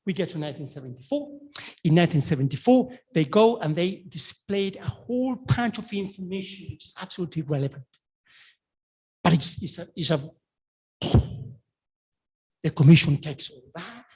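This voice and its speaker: A middle-aged man with a Spanish accent giving an academic lecture, telling the story with lively quoted dialogue. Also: a little high, moderate pace, long pauses, breathy edge. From Spain.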